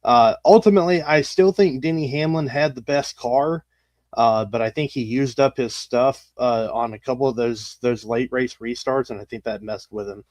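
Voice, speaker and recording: A man hosting a racing podcast, speaking haltingly with frequent fillers. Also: medium pitch, a little mellow, no room sound. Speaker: podcast host. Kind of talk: casual chat.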